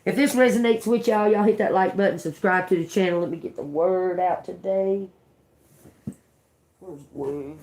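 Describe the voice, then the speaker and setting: A woman running a tarot livestream, talking loosely and with plenty of profanity. She laughs often and swings from loud, animated outbursts to quiet asides under her breath. At times she reads Bible verses aloud in the same casual way. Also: fairly low pitch, moderate pace, slight background noise. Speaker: tarot reader and livestream host.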